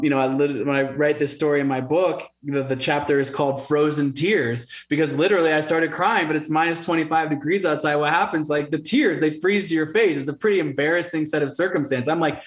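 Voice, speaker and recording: A man in his thirties, an interview guest telling his story in an animated way, acting out the voices of others. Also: a little high. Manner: animated, acts out quoted voices. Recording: roomy echo.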